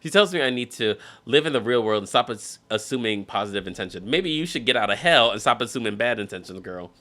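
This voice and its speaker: A man's voice: mid-range voice, expressive, fast talker, pushed and bright. A man hosting a casual show, reading relationship posts aloud and breaking in with sassy, mock-exasperated asides. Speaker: podcast host.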